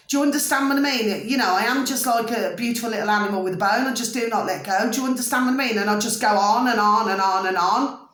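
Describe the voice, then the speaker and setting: A woman's voice: on the high side, fairly bright tone. Rambling woman in an echoey room. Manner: rambling, repeatedly asks "do you see what I mean". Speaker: vlogger. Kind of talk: casual monologue to camera.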